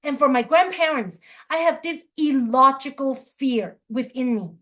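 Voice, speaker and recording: A woman's voice: high voice, a little slow, sharp tone. A woman coach giving a motivational talk, telling earnest personal stories. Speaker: qigong and life coach.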